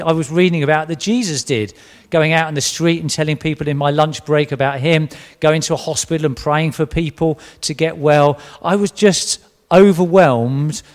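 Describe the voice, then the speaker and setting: Earnest man in a reverberant hall. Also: on the high side. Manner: earnest, emotional storytelling with many restarts. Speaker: church member giving testimony. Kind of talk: personal testimony interview.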